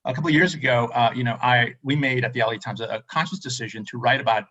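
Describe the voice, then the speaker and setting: A man's voice: mid-range voice, steady tone, quick pace, pushed and bright, lo-fi sound. A man from Los Angeles moderating a panel discussion, talking in a rambling way with restarts. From Boyle Heights, Los Angeles.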